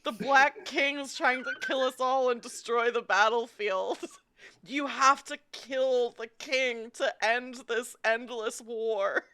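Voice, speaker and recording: A woman voicing a grave male horse who warns the party about a war, slow and solemn. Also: a little high, fairly even intonation, pushed and bright, exaggerated voice.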